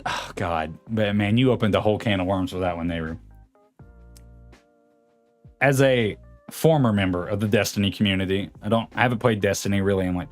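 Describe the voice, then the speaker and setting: Late-20s guy streaming, rambly and lively, lotta ups and downs in his voice, faint music behind. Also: medium pitch. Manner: rambling, chatty, reads chat aloud. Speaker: streamer host. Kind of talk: casual livestream chat.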